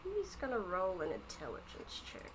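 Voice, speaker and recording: A woman's voice: fairly low pitch, huge pitch swings, moderate pace, low-quality recording. A woman running a tabletop game as game master, narrating with frequent fillers.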